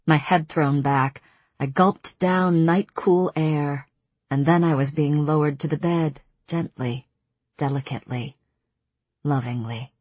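Female audiobook narrator, low breathy voice, slow intimate first-person reading. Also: a little mellow, dry recording.

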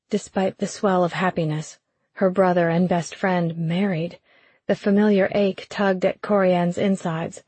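Sex: woman. Role: audiobook narrator reading fiction in a measured, even way. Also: lowish voice, slightly rough, no echo. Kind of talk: scripted narration.

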